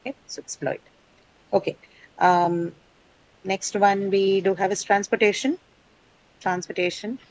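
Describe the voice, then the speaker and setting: A woman's voice: mid-range voice, steady tone, measured pace, pauses often, darkish tone, rough recording. A woman teaching an English class, quizzing and correcting her students on word stress.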